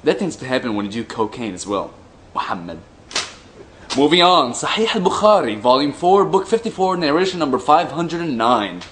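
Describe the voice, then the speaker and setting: A man reading religious texts aloud in a slow, deliberate way, breaking off for mocking, dry asides. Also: on the high side, very animated, a bit bright, a little hiss or hum. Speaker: commentator reading hadith aloud.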